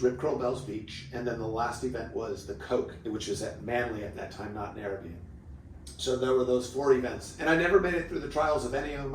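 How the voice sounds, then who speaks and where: A man in his fifties from southern California, a podcast guest telling stories in a loose, rambling way full of "like". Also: medium pitch. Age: 50s. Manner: loose and rambling, lots of filler "like". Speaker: podcast guest, former pro surfer. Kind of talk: relaxed storytelling. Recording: roomy echo, distant mic, steady noise.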